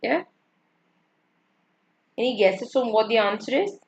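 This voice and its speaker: Teaching an online literature lecture, a woman explains things patiently, repeats them and checks in with her class. Her voice is a little high and animated, and her pace a little slow. Everything sounds muffled.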